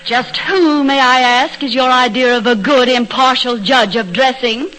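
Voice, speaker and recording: A woman playing a touchy young wife who is proud of her cooking, in 1930s radio comedy acting, indignant and quick to tears. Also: sits high, pushed and bright, slight background noise, poor audio. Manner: tearful, indignant and jealous. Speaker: actress.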